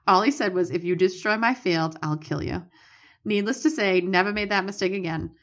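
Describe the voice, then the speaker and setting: A woman's voice: medium pitch, moderate pace, fairly bright tone. A woman with a Boston accent, co-hosting a podcast and reading listener letters aloud in a plain, matter-of-fact way. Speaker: podcast co-host.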